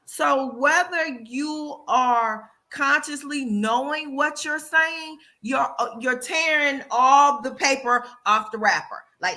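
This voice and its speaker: Woman talk show host, bright high-ish voice, animated chat style that acts out quotes. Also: slow pace, hardly any pauses. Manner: animated, acts out quoted excuses, repeats "yada, yada". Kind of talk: casual chat.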